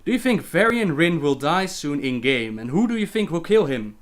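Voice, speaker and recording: A man's voice: a little high, sing-song, normal speed, few pauses. A young man with a Dutch accent, hosting a casual livestream where he reads viewer questions aloud and answers them chattily.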